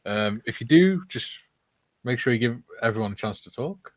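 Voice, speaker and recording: A man's voice: medium pitch, lively intonation, moderate pace, no echo. A man hosting a casual live-stream chat, reading viewer comments aloud with chuckles. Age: older. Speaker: host.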